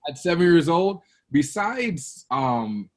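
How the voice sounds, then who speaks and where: A man's voice: on the high side, takes it slowly. A man in his thirties from Brooklyn, a guest telling childhood stories in a casual interview and acting out the quotes. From Brooklyn, New York. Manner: animated storyteller, acts out quotes with a raised voice.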